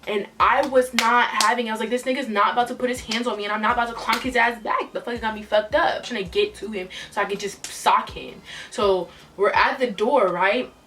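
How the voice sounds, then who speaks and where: A woman's voice: fairly high pitch, fairly even intonation, brisk, hardly any pauses, background noise. Young woman vlogger, distant mic. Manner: casual, profane, emotional retelling. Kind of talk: storytime retelling.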